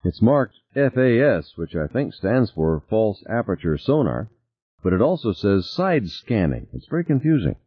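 A determined woman scientist, voiced by a man, climbing high and lively in pitch. Her voice swings widely and has a husky grain, on a tinny, narrow recording. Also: normal speed, dry recording. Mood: puzzled. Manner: higher pitched, lively, urgent. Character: tense, determined woman scientist on a seafloor mission.

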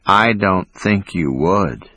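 A man playing a calm, menacing wounded man. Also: low-pitched, dry recording, studio quality, exaggerated voice. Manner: slow, calm and distant.

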